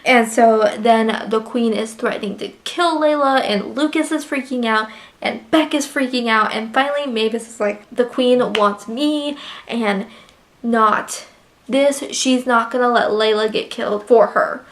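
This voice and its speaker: A woman's voice: on the high side, unhurried. A young woman casually recapping a novel she loved, emotional and full of fillers. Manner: gushing, emotional, filler-heavy retelling. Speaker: book reviewer. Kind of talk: casual book review chat.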